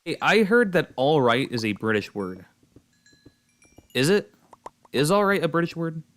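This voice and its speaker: A man's voice: a little high, sing-song, measured pace, fairly bright tone. A young man streaming a game and chatting casually with viewers, rambling with lots of fillers and restarts. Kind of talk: casual chat while gaming.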